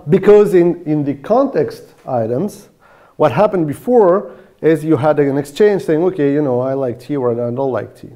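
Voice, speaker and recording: Brief: male researcher in a seminar Q&A, slightly high voice, mellow tone, stumbles and restarts. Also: moderate pace. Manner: explaining, many restarts and repeated words. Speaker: speaker answering questions. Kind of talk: academic Q&A discussion.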